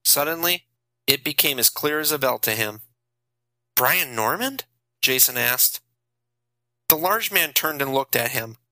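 Bright-voiced male audiobook narrator. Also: medium pitch, expressive, moderate pace, dry recording, poor audio. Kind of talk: scripted narration.

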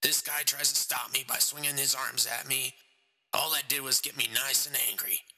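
A big, hoarse man recounts his crime in a calm, level, unwavering voice, as the narrator puts him on. The low voice has a gravelly rasp and a sharp, bright edge, and it sits in a long, echoing reverb. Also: normal speed. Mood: menacing.

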